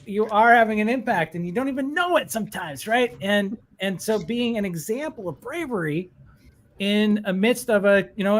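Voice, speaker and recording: A man hosting a casual livestream chat, talking in a rambling, effusive way with many restarts. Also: sits high. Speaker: show host.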